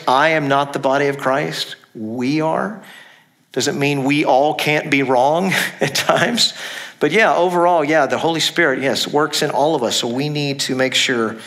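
A middle-aged man preaches a sermon from the pulpit. His voice sits at an ordinary pitch, and he talks in a loose, conversational way. He stumbles over verse numbers, corrects himself, and laughs briefly. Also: a bit bright. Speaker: pastor.

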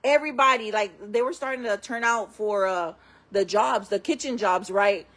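A woman's voice: mid-range voice, moderate pace, a bit bright. A woman telling her own stories to camera in casual, candid talk, often calling her viewers friends. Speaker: storyteller host.

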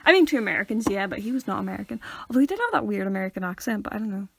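A woman's voice: mid-range voice, very fast, gravelly, breathy edge, no room sound. A young woman from near Derry with a Northern Irish accent, co-hosting a casual podcast and telling stories with acted-out quotes and lots of laughter. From Northern Ireland. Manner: animated storyteller, acts out quotes, laughs a lot. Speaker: podcast co-host. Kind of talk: casual chat.

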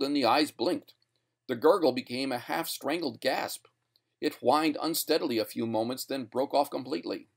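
A man's voice: medium pitch, gravelly. Field: man narrating a sci-fi short story. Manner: steady, measured storytelling.

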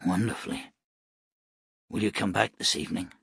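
A man reading aloud plays a quiet, gentle wounded gunman who speaks softly and hesitantly. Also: low voice, normal speed, vocal fry, husky, dry recording, studio quality, heavily acted. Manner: soft-spoken and hesitant.

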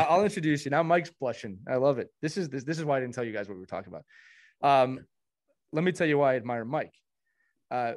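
Here is a male podcast host in casual chat, earnest and effusive, piling warm praise on the people beside him. His voice sits at an ordinary middle pitch for a man.

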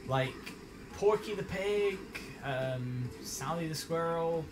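A man's voice: a little high, takes it slowly, music in the background. A man chatting casually and swearing a lot while playing a game on a live stream. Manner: sweary, excitable, laughs often.

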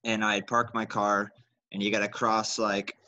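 Man, podcast co-host, casual storytelling, profane, rambling, bright tone. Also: on the low side, flat delivery, moderate pace, highs cut off. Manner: laid-back, profane, rambling.

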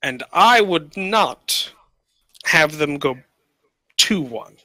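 A man voicing a large, refined orc chieftain with a British accent, speaking formally and deliberately. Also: fairly high pitch, lively intonation, sharp tone, no echo, exaggerated voice. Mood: dignified. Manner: formal, measured.

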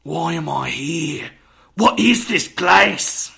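A man voicing a ghost from a stage play, shouting loudly in a put-on British accent. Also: on the high side, lively intonation, slow, vocal fry, husky, voice pushed up, exaggerated voice. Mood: frantic. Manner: loud theatrical yelling.

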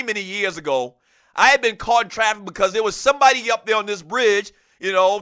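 A man hosting a casual sports talk show, animated, often laughing and reading listener messages aloud. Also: sits high, no echo, clean studio sound.

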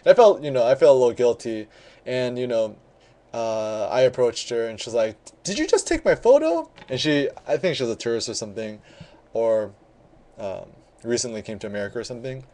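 A man's voice: mid-range voice, fairly quick. Chatty man telling a casual story. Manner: relaxed, many ums and restarts, chatty storytelling. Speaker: photography vlogger. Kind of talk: casual rambling vlog.

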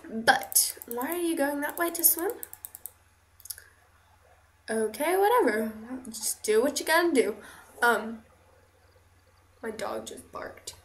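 Woman, let's play host, higher voice, unhurried and giggly, echoey home mic. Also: expressive. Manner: giggly, rambling, self-conscious. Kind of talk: casual gameplay commentary. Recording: echoey room.

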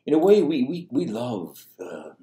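A man's voice: medium pitch, sing-song, unhurried, dark tone. A man preaching a sermon as a priest, talking conversationally with fillers and restarts. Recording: echoey room.

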